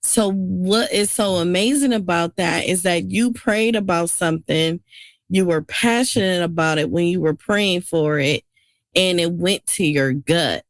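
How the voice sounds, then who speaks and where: A woman hosts a podcast interview, responding earnestly and affirming her guest. Her voice sits on the low side. The sound is dry and close. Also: a little slow, no echo. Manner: earnest, affirming, speaks of faith. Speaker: podcast host. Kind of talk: casual interview.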